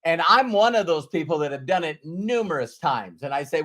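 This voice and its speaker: A man's voice: on the high side, animated, fairly quick, a bit bright. A middle-aged man giving a motivational talk on sales, earnest and emphatic, repeating his key phrases. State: choked up with emotion. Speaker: sales trainer.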